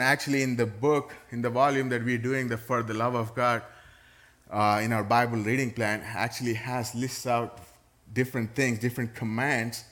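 A man's voice: mid-range voice, fairly bright tone. A middle-aged man, a pastor preaching a sermon to his church in a conversational way, with touches of playful sarcasm.

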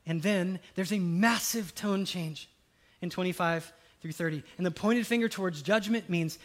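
Male preacher, higher-pitched, lively sermon delivery with big swings in volume. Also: normal speed. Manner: animated, swings from loud exclamations to hushed quotes.

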